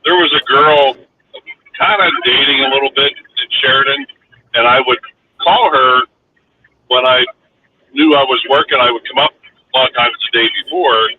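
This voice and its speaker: A man's voice: medium pitch, normal speed, pauses often. A man hosting a livestream, telling a rambling anecdote in a casual chat with lots of fillers. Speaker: livestream host. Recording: distant tinny phone-like line with faint hiss.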